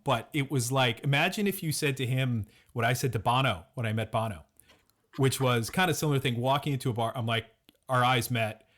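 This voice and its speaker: A man's voice: mid-range voice, fairly quick, a bit bright. Male host, casual and chatty, pokes fun at himself, mid-range voice. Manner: chatty, self-deprecating, laughs often. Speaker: podcast host. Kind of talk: casual podcast chat.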